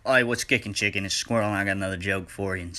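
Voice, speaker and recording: A man with a low, bright voice tells a joke in a folksy, drawling way. He keeps an easygoing, storytelling rhythm throughout. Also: fairly even intonation, fast, slight background noise. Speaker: joke teller. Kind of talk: casual joke telling.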